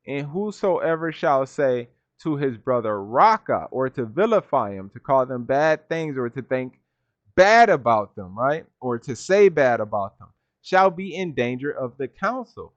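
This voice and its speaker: A man's voice: mid-range voice, no echo, muffled recording. A man teaching scripture from home. He reads verses, looks up word meanings and keeps checking in with "right?". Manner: reads verses then defines words, repeats "right?". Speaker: Bible teacher. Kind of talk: scripture study talk.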